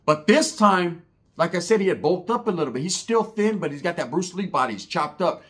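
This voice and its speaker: A man's voice: high voice, animated, fairly quick, a bit bright. Profane, rambling comic storyteller, man. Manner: profane, slang-heavy, rambling. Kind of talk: comedic storytelling.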